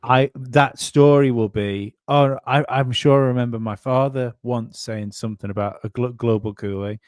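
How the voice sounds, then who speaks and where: A man's voice: mid-range voice, fairly even intonation, normal speed, dry recording, studio quality. A man chatting on a casual podcast in a laid-back, rambling way, swearing now and then.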